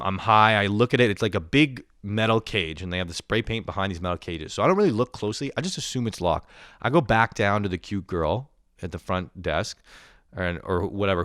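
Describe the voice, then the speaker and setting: A man's voice: deep voice, animated, fairly quick, fairly bright tone, dry recording, studio quality. A young man telling a rambling, profane story in a casual monologue, often getting worked up as he retells it. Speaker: vlogger.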